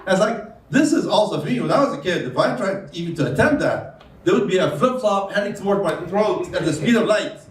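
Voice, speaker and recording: A man's voice: high-pitched, animated, brisk. A man doing a stand-up comedy set on stage. He talks in a rambling, chatty way and laughs at his own jokes. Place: comedy stage before a live audience. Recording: roomy sound from a distance with faint noise.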